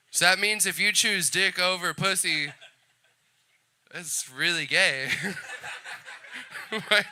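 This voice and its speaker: A man's voice: fairly high pitch, pushed and bright, smooth. A man doing a brash, crude stand-up set, chuckling between his lines. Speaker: stand-up comedian. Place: comedy club stage.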